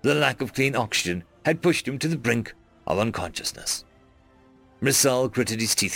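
Guy reading a scifi audiobook, lots of pitch movement, dry close sound, faint music behind. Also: normal speed, creaky, no room sound. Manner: expressive storytelling, earnest. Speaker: narrator. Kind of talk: first-person audiobook narration.

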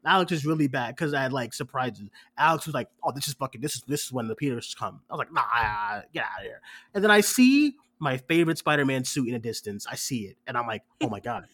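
A man's voice: medium pitch, fast, hardly any pauses. A man co-hosting a casual movie reaction show, telling his theater experience with lots of energy, acting out lines and laughing. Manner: animated storyteller, acts out quotes, swears, laughs often.

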